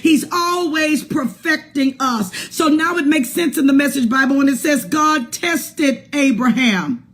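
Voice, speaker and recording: Woman, bishop, church sermon, high voice, shouted preaching, rhythmic "uh" cadence. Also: a little slow, hardly any pauses. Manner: rhythmic preaching with a grunted "uh" before phrases. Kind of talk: shouted call-and-response sermon. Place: church service.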